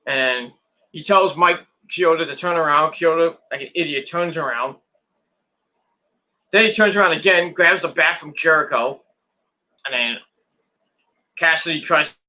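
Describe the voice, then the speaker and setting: A man's voice: a little high, pushed and bright. A man casually recapping a wrestling match move by move, rambling and repeating words as he goes. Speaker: wrestling show reviewer.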